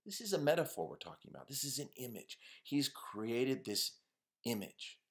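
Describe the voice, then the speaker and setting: A man's voice: mid-range voice, normal speed. A man teaching a poetry lesson to young students, explaining ideas and asking them questions as he goes. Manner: lively, asks students questions. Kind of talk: online class lecture.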